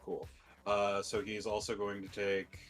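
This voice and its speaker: A man playing a tabletop game, speaking haltingly with many "uh"s as he declares his character's moves. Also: lowish voice, monotone, faint music behind. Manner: hesitant, filler-heavy. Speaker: player.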